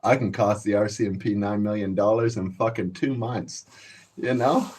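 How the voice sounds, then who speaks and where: A man's voice: lowish voice, fairly even intonation, moderate pace, darkish tone. A man, telling boastful, profane stories to his viewers in a casual rant. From Canada. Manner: profane, boastful storytelling, laughs a lot. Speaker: channel host.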